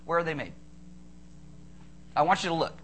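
Preaching at a moderate pace in a slightly high voice, the pastor stays animated, throwing out rhetorical questions and teasing the congregation playfully.

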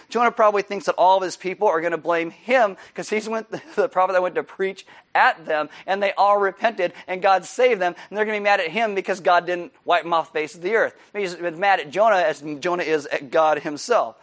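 A male pastor delivering a sermon in a high, bright-toned voice. He speaks conversationally and adds light humor as he explains scripture. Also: brisk, few pauses.

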